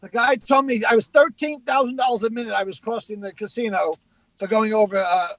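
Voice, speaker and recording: A middle-aged male comedian, telling animated anecdotes and acting out what people said. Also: high voice, fairly quick, dry recording, rough recording. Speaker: comedian guest. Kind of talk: casual storytelling.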